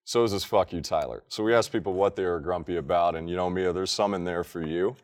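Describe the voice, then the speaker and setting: Male podcast co-host, lowish voice, loud opinionated sports rants. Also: fast. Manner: profane, emphatic ranting. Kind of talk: casual sports chat.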